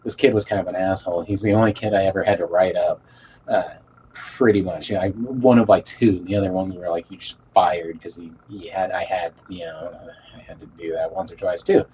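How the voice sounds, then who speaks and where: A man's voice: sits low, fairly even intonation, brisk. Rambling, cussing man on a dull mic. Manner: loose and rambling, swears a lot, trails off quietly. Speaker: streamer reading chat. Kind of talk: casual storytelling to a live chat. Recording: dull lo-fi mic with faint hiss.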